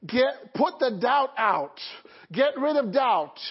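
A pastor with an extremely high, sing-song, slightly rough voice preaches slowly to his congregation. He uses call-and-response, often checking in with "Okay?" and "Amen?", on a dull lo-fi recording.

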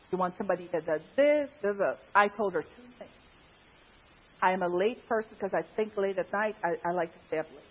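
Woman from guyana, husky, higher voice, chatty storytelling, lo-fi sound. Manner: chatty, laughs often, animated pitch jumps. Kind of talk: casual personal storytelling.

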